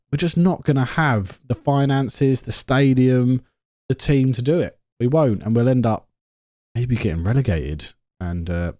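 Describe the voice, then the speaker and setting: A man giving casual, excitable commentary over a football management game, swinging from shouted reactions to quiet musing. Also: medium pitch, no echo, clean studio sound. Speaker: gaming YouTuber.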